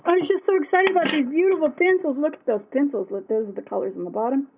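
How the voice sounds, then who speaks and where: A bubbly, excitable woman chatting casually as she unboxes art supplies, often apologizing. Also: high-pitched, fast, background noise. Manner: reads product text aloud.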